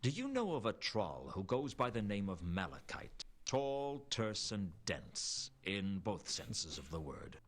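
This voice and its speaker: Noir game detective,, world-weary and dry, lowish voice with swooping inflection. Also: male voice, unhurried, hardly any pauses, exaggerated voice. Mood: deadpan. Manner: dry, deadpan wisecracks. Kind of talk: hard-boiled video game voice acting.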